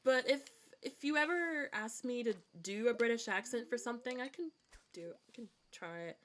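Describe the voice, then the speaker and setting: A woman's voice: a little high, normal speed. A woman streaming a game, chatting casually and rambling with frequent restarts and giggles, with a hard-to-place accent that mixes formal and informal words. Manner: rambling, self-correcting, giggly. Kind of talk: casual gaming stream chat.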